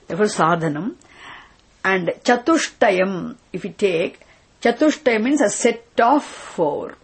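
Slow, husky-voiced woman teacher. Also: medium pitch. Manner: patient, asks checking questions, repeats words for students. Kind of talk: explaining a scripture text word by word.

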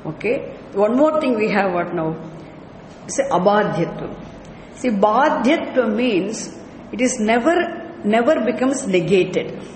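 A patient teacher explains scripture at an unhurried pace, checking in with rhetorical questions. The voice rings out through a large hall with a long, echoing reverb. A faint wash of ambient noise sits underneath. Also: mid-range voice, lively intonation. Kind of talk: explanatory lecture.

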